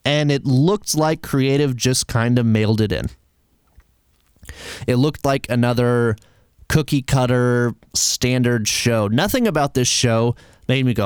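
Smooth-voiced opinionated man ranting. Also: medium pitch, unhurried, dry recording, studio quality. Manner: passionate, argumentative, sarcastic asides. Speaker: wrestling podcast host. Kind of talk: opinionated solo commentary.

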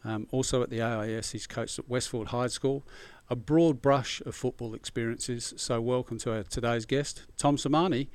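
A man hosting a podcast, his voice close and dry with no room sound. He talks in a bright, chatty way and laughs easily, keeping the conversation light. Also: mid-range voice, fairly even intonation, moderate pace, clean tone, dry recording. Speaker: podcast host. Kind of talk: casual interview chat.

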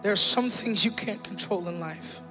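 Over music, a man with a high-sitting voice preaches at normal speed, sharing a personal testimony in a church sanctuary with big-room sound. He keeps repeating himself, building intensity until he's emotional and loud.

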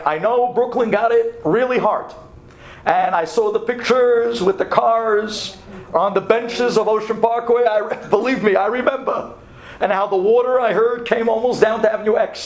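A man's voice: high voice, reverberant, slight background noise. A man giving a Torah class, telling a story and acting out both sides of the dialogue.

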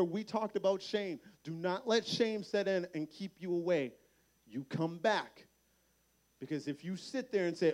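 High-voiced energetic youth preacher man. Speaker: camp speaker. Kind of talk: youth sermon. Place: camp meeting hall.

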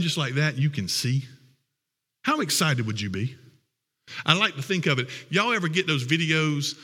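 A man preaches a sermon in a folksy, emotional, conversational way. His voice sits high and bright. A long hall reverb follows each phrase.

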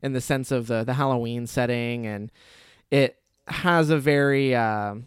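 A man's voice: mid-range voice, unhurried, clear, resonant tone, dry recording, studio quality. A man hosting a casual movie review chat, loose and profane, laughing often. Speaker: podcast host.

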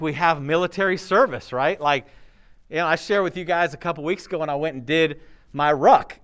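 A man in his thirties preaching a sermon in a conversational, animated way, acting out quotes and laughing often. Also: on the high side, clear, resonant tone. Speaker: pastor.

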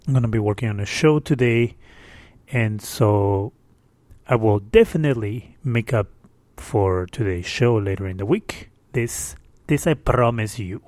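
A man's voice: on the low side, unhurried, darkish tone, no echo. Man, podcast host, casual monologue, exasperated, rambling, dry sound, distorted microphone. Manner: chatty, exasperated, rambling with fillers. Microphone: windscreened microphone.

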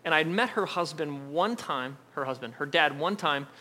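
A man's voice: fairly high pitch, normal speed, bright, forceful tone. A man preaching a sermon, telling a personal family story in a conversational way and acting out what others said. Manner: conversational storytelling, acts out quoted voices. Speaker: pastor.

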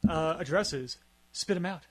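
A man hosting a casual podcast, talking in a relaxed, rambling way with many fillers. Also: fairly high pitch, measured pace. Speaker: podcast host.

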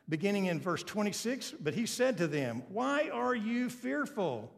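A man preaches to his congregation, walking through a story and repeating key phrases for weight. His voice sits high for a man, and a long reverb trails each phrase as if from a large church hall. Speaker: pastor. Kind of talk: sermon.

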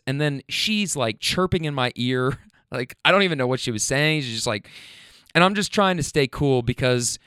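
A young man telling a rideshare story in a casual, animated way, swearing a lot and restarting his sentences. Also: medium pitch, moderate pace, clean tone, dry recording, clean studio sound. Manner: animated, profane, rambling with restarts.

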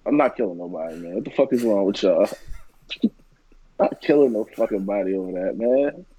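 A man's voice: fairly low pitch, lively intonation, a little fast, warm tone, breathy edge, lo-fi sound. A man co-hosting a casual podcast, talking bluntly with slang and swearing, reacting in disbelief. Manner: blunt, profane, slangy, incredulous. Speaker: podcast co-host.

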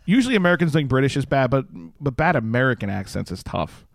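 A man's voice: mid-range voice, fast talker, vocal fry, no echo. A man co-hosting a casual podcast, cracking jokes and laughing at his own lines. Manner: joking, animated banter, laughs at own jokes. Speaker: podcast co-host. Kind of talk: casual chat.

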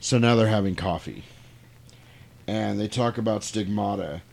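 A man's voice: fairly low pitch, moderate pace, gravelly, a little mellow. Man casually recapping a film. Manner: loose, profane storytelling with laughs. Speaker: podcast co-host recapping a film. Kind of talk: casual chat.

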